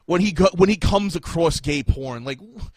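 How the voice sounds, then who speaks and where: A man's voice: on the high side, moderate pace, darkish tone, breathy edge, dry recording. A man hosting a podcast, talking in a profane, exasperated rant. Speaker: podcast host. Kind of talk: casual podcast chat.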